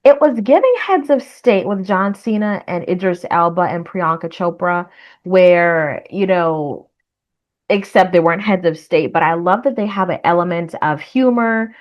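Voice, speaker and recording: A woman's voice: on the low side, measured pace. Chatty woman with a dull lo-fi sound. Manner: chatty, laughs between thoughts, rambling asides. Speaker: reaction video host. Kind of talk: casual chat.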